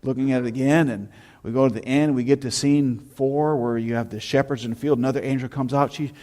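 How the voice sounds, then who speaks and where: A man's voice: mid-range voice, brisk. Man preaching a storytelling sermon. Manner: storytelling, animated anecdotes with shouted imitations. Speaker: pastor. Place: church sanctuary.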